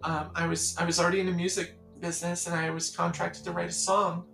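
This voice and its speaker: A songwriter from the Catskills, New York, tells stories in a casual interview, animatedly acting out the voices of the people in them. Her voice is low, fast, and creaky, captured in a rough, roomy recording with faint music behind.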